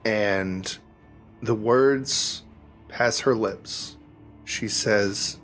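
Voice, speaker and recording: A man running a tabletop role-playing game as game master, narrating in a halting, unhurried way. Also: fairly low pitch, fairly bright tone. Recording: faint music behind.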